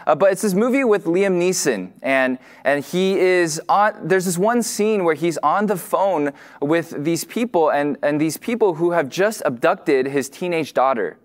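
A man preaching a sermon in a casual way, full of fillers and restarts, who says he tends to talk fast. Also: a little high, expressive. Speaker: pastor.

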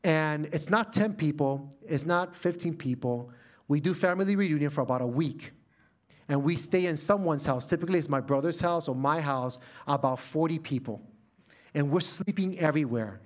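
Here a preacher, a middle-aged man from Puerto Rico, recounts a family story from the pulpit at a moderate pace. His pitch runs fairly high, and his animated telling softens to a quiet tone whenever he reaches something heartfelt.

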